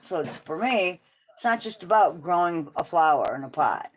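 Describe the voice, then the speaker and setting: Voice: mid-range voice, animated, normal speed, rough recording. A livestream host in casual chat at home, blunt and opinionated, swearing freely.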